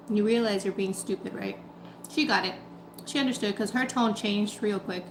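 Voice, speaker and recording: A woman with a fairly high voice tells a story in a casual, chatty way as she eats on camera. The room is echoey, and a faint background hiss sits under her voice. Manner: chatty, animated retelling with quoted voices. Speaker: food vlogger. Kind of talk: casual storytelling while eating.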